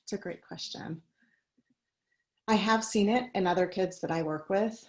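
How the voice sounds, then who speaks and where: A woman's voice: mid-range voice, moderate pace, a little mellow, low-quality recording. A woman giving a conversational talk on a video call, mixing personal stories with practical advice and light laughs. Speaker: guest speaker.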